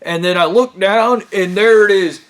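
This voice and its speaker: A man telling a story in a casual, profane, excitable way, now and then breaking into loud yells. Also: high-pitched, normal speed. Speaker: vlogger.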